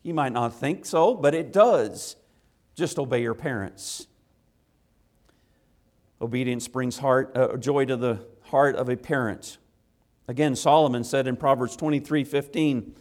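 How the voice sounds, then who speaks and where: A man, a father, preaching a sermon to children, swinging from loud impassioned rises to quiet earnest asides. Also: mid-range voice, a little slow. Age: adult with children. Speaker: pastor.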